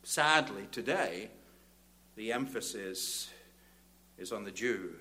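An older man, preaching a sermon that moves from quiet reflection to loud, fervent exhortation. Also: on the low side, animated, slow pace, pauses often. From Northern Ireland.

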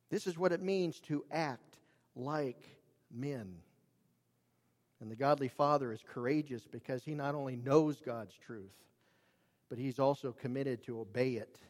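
A man preaching a sermon, earnest and emphatic, dropping his voice low and raising it for emphasis. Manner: earnest, emphatic, varies volume for drama. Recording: long reverb of a large hall.

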